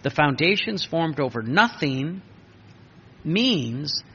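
A man preaching a sermon, emphatic and repetitive, with a gravelly voice. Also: a little high, big pitch swings, slow pace, a bit bright. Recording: dull lo-fi recording with faint noise.

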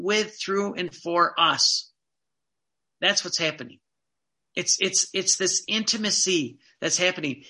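A man's voice: high voice, creaky, bright, forceful tone. A man giving a fervent devotional sermon, emphatic and repetitive, often repeating phrases for stress. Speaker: preacher.

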